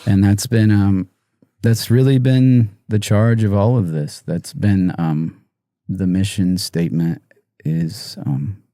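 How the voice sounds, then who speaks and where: A man telling a painful personal story in an interview, halting and soft-spoken with many pauses, emotional and near tears. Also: sits low, steady tone, dry recording, clean studio sound. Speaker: musician guest.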